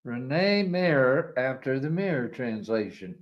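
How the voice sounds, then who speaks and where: A man's voice: mid-range voice, big pitch swings, unhurried, lo-fi sound. A man co-hosting a live stream with dry, playful banter.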